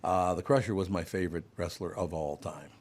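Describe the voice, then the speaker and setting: A man's voice: deep voice, a little fast, darkish tone. A man hosting a radio talk show, telling a rambling story in casual chat.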